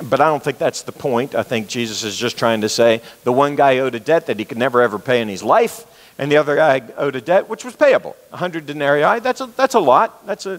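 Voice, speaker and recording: A man's voice: mid-range voice, in a large hall, poor audio. A man giving an earnest, conversational sermon, reading scripture and explaining it with frequent restarts. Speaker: preacher.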